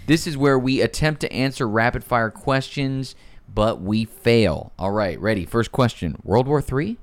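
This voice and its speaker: A man's voice: mid-range voice, expressive, measured pace. A man hosting a podcast, talking in brash, crude, teasing banter with his co-hosts. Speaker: podcast host.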